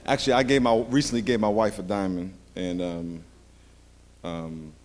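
A man's voice: sits low, steady tone, normal speed, a little mellow. A middle-aged man preaching a sermon as pastor, a playful storyteller who jokes with the congregation.

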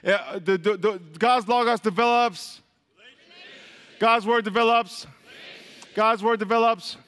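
High-voiced preacher quizzing his congregation. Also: fairly even intonation, unhurried, fairly bright tone, clear, resonant tone. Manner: repeats questions, quizzes the crowd, laughs often. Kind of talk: call-and-response Bible teaching. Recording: long hall reverb.

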